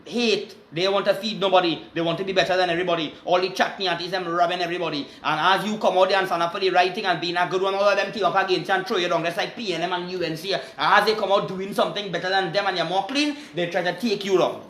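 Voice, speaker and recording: A Trinidadian man hosting a rambling live stream, with loud, excited greetings and shout-outs. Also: high voice, fast, hardly any pauses. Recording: echoey room.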